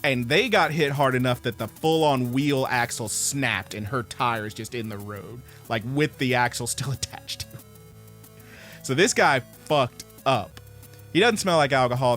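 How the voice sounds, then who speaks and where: A man co-hosting a podcast, telling a story in casual chat, swearing and acting out the people he quotes. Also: on the low side. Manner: animated storyteller, swears, acts out quoted voices. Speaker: podcast co-host.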